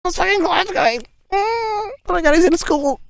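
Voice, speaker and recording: A man mimicking his overexcited, gushing middle-aged mother in a shrill high voice. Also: animated, moderate pace, creaky, a little hiss or hum, heavily acted.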